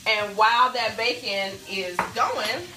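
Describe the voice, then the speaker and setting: Against a noisy background, a young woman hosts a live cooking stream from her kitchen via a phone on a stand, with bacon sizzling in a pan. She speaks slowly in a mid-range voice, chatting directly to viewers and drifting off topic easily.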